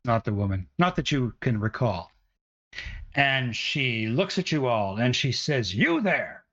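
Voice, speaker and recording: A man's voice: mid-range voice, expressive, unhurried, fairly bright tone, lo-fi sound. A man narrating as game master of a tabletop game, with frequent fillers.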